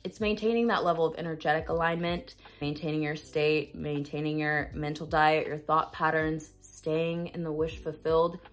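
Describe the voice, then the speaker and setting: A woman's voice: low-pitched, level tone, moderate pace, hardly any pauses. A woman manifestation coach giving an earnest, emphatic self-help talk to camera, repeating phrases for stress and swearing now and then.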